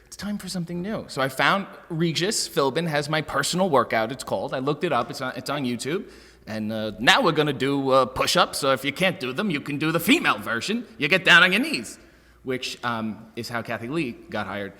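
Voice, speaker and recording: A Canadian man, a professional wrestler, joking through an interview with mock-serious, deadpan wit. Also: mid-range voice, fairly quick. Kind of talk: comedic interview banter. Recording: roomy reverb.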